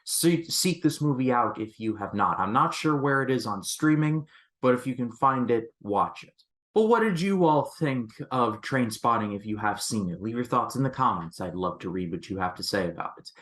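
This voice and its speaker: A man talking through a movie review in a casual, chatty way, with lots of "like"s and restarts. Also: mid-range voice. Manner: chatty and expressive, with frequent "like"s and restarts.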